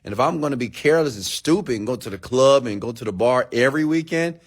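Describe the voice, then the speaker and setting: A man giving a casual late-night rant, talking straight to his viewers and acting out other people in high, mocking voices. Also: lively intonation, fast. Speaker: online entrepreneur and mentor.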